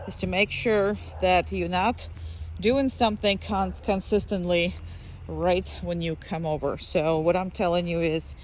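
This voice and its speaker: A dog trainer talking casually through a training drill, explaining each step, then switching to high, gushing praise for the dog. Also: slight background noise, rough recording. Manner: chatty, explains while working a dog; bursts into high-pitched baby-talk praise for the dog.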